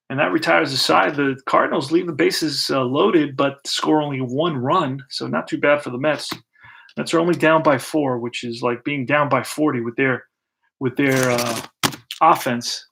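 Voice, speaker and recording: A man with a gravelly, fry-tinged voice calls the action of a dice-driven baseball game as its host. He keeps it relaxed and conversational, talking through each roll and card as he goes. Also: fairly high pitch, a little slow. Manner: relaxed, thinks aloud while rolling dice and pulling cards. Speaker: host narrating a tabletop baseball replay. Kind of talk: casual play-by-play of a dice game.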